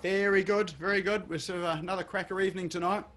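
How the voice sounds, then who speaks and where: A man's voice: high-pitched, level tone, quick pace, a bit bright. An Australian man hosting a video call, casual and full of fillers and restarts. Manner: hesitant, many fillers. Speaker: webinar host.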